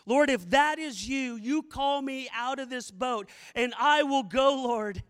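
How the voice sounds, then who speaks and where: A man preaching a sermon as a campus missionary, swinging from hushed storytelling to shouted prayer. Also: extremely high pitch, a little slow, hardly any pauses, clear, resonant tone. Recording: long reverb of a large hall.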